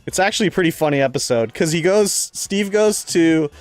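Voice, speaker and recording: Guy streaming a game, rambly and laughing a lot, bit high voice, dry mic with faint music behind. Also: lively intonation, brisk, no room sound. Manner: rambling, laughs often, reads game lines aloud. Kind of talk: casual gameplay chat.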